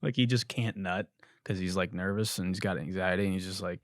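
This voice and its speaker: A man's voice: sits low, normal speed, no room sound, studio quality. Profane, riffing young male podcast host. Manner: profane, laughing, animated riffing. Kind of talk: casual comedic commentary on viral videos.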